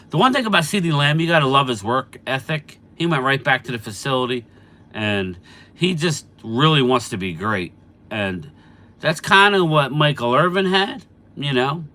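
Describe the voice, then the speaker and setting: This mid-range, bright voice has a forceful edge. It belongs to a middle-aged sports host who is casually running a live stream, talking football and answering chat by name in a chatty way. Allergies leave him slightly stuffy.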